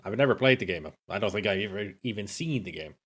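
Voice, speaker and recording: Man, streamer, casual gameplay commentary, joking, playful, lively pitch. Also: quick pace, husky. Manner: joking, playful, chatting with viewers. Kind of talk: casual let's-play commentary.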